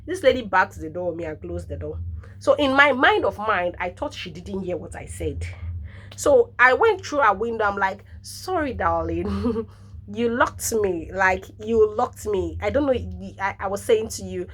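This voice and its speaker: A Nigerian woman in her thirties, a nurse, telling animated stories in a casual vlog, laughing often and dropping in pidgin interjections. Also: mid-range voice, normal speed, breathy edge. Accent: Nigerian English.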